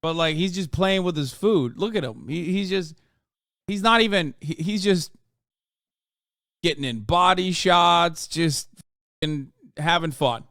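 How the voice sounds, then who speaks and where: Streamer, male, 30s, swears a lot and gets worked up, slightly high voice, dry close mic. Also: no echo. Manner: profane, animated, quick to exclaim. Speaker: streamer reacting to a fight video. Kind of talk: casual reaction commentary.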